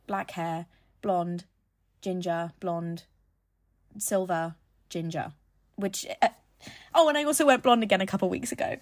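A woman's voice: medium pitch, darkish tone. A young woman hosting a podcast, talking in a chatty, rambling way and correcting herself as she goes. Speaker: podcast host. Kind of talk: casual podcast monologue.

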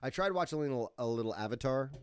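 A man co-hosting a podcast in casual chat, laid-back and wry, trailing off quietly. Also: medium pitch, expressive, racing, clean tone. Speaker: podcast co-host.

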